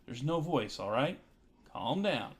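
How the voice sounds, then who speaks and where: A frantic young man who keeps insisting everyone stay calm, voiced by a man reading a game aloud. His voice is mid-pitched and close to the reader's own. Soft music runs behind him. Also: measured pace. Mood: urgent. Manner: urgent, insistent.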